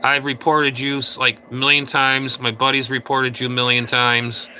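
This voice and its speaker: A man's voice: medium pitch, little pitch movement, normal speed, bright, forceful tone, slight background noise. Crude ranting male livestream host. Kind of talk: casual livestream chat with viewers.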